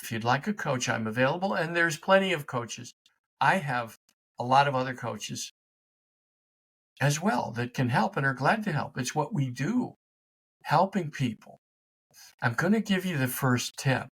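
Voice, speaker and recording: A middle-aged man giving an energetic, emphatic motivational talk as a life coach, speaking straight to his listeners in a conversational way. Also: a little high, breathy edge. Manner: energetic, emphatic, conversational, talks to his dog mid-show. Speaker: life coach and podcast host. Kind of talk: motivational direct-to-camera talk.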